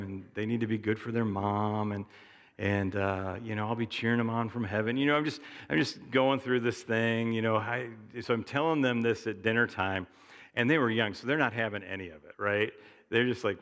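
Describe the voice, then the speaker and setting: Middle-aged pastor telling stories in his sermon, lowish voice, big hall echo. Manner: conversational, storytelling, animated. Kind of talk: sermon with anecdotes.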